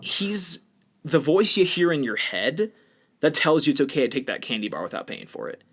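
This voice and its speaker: A man's voice: on the high side, sing-song, normal speed, a bit bright. A man co-hosting a podcast, talking bluntly and with strong opinions in a casual discussion. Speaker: podcast co-host.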